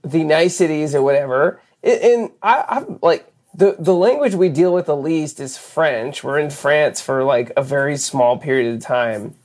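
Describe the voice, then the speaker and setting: Host: relaxed American voice, self-deprecating, mid pitch. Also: normal speed, few pauses. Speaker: podcast host, band member. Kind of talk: casual podcast chat.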